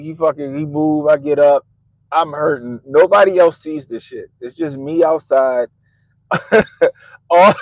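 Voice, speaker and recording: A middle-aged man on a podcast, telling a story in an animated, profane way and laughing at himself. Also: a little high, no echo, low-quality recording. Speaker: podcast host. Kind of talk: casual storytelling.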